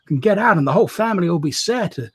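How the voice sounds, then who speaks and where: A man's voice: animated, a little fast, vocal fry, a bit bright, breathy edge, no room sound, studio quality, exaggerated voice. A man voicing a nervous young hired hand who stammers and pleads urgently. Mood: anxious, pleading. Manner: stammering, pleading, rising anxious pitch.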